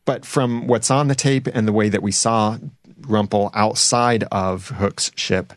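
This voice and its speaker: A man hosts a casual podcast discussion about a TV show, reading listener comments aloud in a conversational way. His voice is lowish with fairly even intonation and a measured pace, recorded dry at studio quality.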